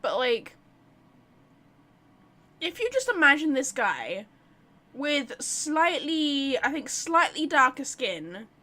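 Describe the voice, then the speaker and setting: A woman streamer giving casual, rambling game commentary, excitable and full of fillers. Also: high voice, takes it slowly, pauses often.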